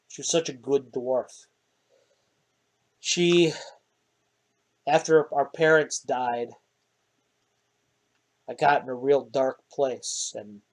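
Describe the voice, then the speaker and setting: A man voicing a wounded, grieving male dwarf warrior who talks gruffly and plainly, with weariness in it. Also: medium pitch, a little mellow, natural voice.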